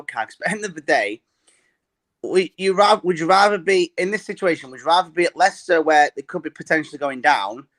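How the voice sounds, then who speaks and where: A man's voice: a little high, fairly bright tone. A man as a guest on a fan chat call, rambling and restarting his sentences. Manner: rambling, restarts often, laughs easily.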